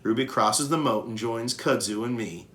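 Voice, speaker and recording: A man reading a children's novel aloud with expressive narration. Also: medium pitch, moderate pace. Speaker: reader. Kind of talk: storybook read-aloud.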